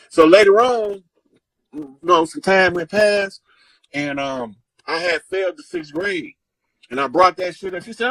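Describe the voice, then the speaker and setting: A man telling stories in a casual chat, animated and profane, acting out the people he quotes. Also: high-pitched, moderate pace, long pauses, dry recording, low-quality recording. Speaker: guest storyteller. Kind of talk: casual storytelling.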